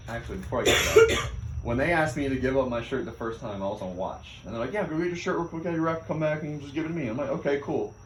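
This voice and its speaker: A young man recounts his time at sea in a relaxed, animated way, often laughing and acting out the orders barked at him. His voice is mid-pitched and carries a noticeable echo from the room. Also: slight background noise. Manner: animated, laughs often, acts out quoted shouts. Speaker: Navy sailor recounting a deployment. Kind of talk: casual spoken storytelling. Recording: echoey room.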